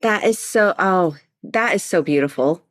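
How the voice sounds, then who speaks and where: Lively-voiced woman guest, dry close sound. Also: on the low side, measured pace, dry recording. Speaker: guest, charity executive. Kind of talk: casual interview chat.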